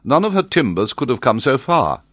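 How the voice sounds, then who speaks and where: A man reading an audiobook, voicing a nobleman leading the party in a measured, authoritative tone. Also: medium pitch, big pitch swings, a bit bright, no echo, clean studio sound, voice pushed up. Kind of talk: audiobook character voice.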